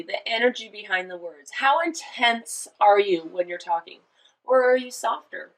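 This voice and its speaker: A woman's voice: medium pitch, rough recording. A woman volleyball coach explaining a lesson in an instructional style, emphatic and full of rhetorical questions. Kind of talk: instructional presentation.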